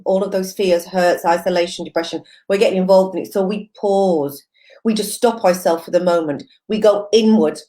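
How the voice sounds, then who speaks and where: A woman's voice: mid-range voice, dark tone. A woman mindfulness coach giving an encouraging, conversational live-stream talk, repeating phrases and using many fillers as she reads viewer comments.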